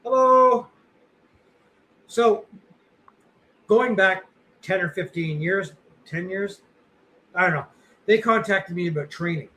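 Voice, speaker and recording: A middle-aged man's high, slightly bright voice comes through unhurried, with long pauses, in a low-quality recording. As a podcast co-host, he chats casually, meandering, self-deprecating, and heavy on filler words.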